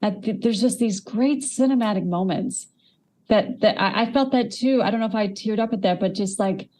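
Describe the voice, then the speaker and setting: A woman cohosting a podcast, speaking enthusiastically in quick bursts with repeated starts. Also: medium pitch, darkish tone. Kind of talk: casual chat.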